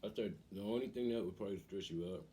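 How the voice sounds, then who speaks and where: A young man hosting a vlog, telling a casual story in an animated way and acting out the voices of the people in it. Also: on the low side, fast talker, a little hiss or hum. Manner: animated, acts out quoted voices. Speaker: vlog host.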